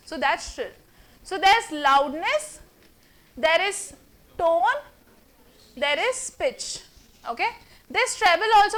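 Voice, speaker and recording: High, bright Indian woman trainer. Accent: Indian English. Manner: energetic, theatrical, quizzes the audience. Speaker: communication trainer. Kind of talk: interactive workshop lecture. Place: classroom with a live student audience.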